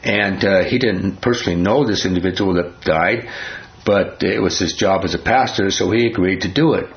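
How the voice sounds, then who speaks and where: A man's voice: low voice, moderate pace, dull audio. A man preaching a sermon in a conversational, rambling way, often restarting his sentences.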